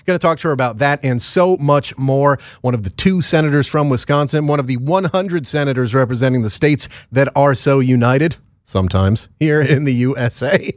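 A man hosts a casual morning show, talking in a loose, rambling way full of fillers and jokes. His voice sits at an ordinary pitch. The studio sound is dry and close. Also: dry recording. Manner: rambling, joking, with many fillers. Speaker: podcast host.

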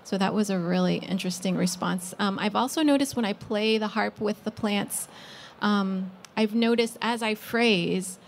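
A woman speaking as a musician on a panel, hesitant with frequent pauses and ums. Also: mid-range voice, vocal fry, slight background noise. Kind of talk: casual panel discussion.

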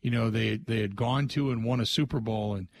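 A man's voice: medium pitch, a little fast, creaky. A man hosting a sports radio show, telling rambling stories in a loose, conversational way and inviting listener calls.

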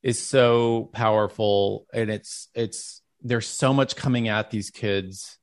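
A man's voice: on the low side, fairly even intonation, takes it slowly. A male podcast host talking in a heartfelt, rambling way, with many "like"s and restarts. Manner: heartfelt, rambling, says "like" often. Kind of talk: casual interview chat.

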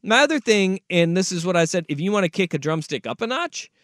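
A man co-hosting a radio show in casual chat, enthusiastic and quick to laugh. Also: sits high, no room sound, studio quality. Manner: lively, laughs easily, enthusiastic. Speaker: radio co-host.

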